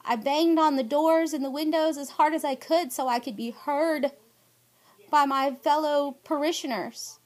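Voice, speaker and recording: A middle-aged woman with a drawl and a high voice records an aggrieved personal statement for her viewers. Her delivery is emphatic and pleading. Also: fairly even intonation, normal speed. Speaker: vlogger.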